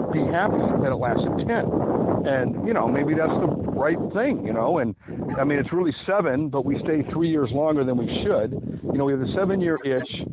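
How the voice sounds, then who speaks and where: A man holds forth in a loose, opinionated ramble, stretching out words for emphasis. He is slightly out of breath as he talks outdoors by a river. The audio is thin and phone-like, with clear noise underneath. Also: fairly high pitch. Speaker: podcast host. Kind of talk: casual monologue.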